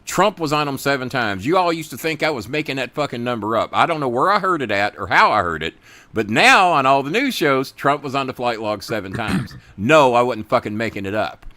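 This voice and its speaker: A man's voice: medium pitch, lively intonation, fairly quick, no echo. A middle-aged man hosting a podcast, ranting with heavy profanity and chatting with viewers. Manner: angry, profane, loud, talks to chat viewers. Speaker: podcast host. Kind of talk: profane political rant and casual chat.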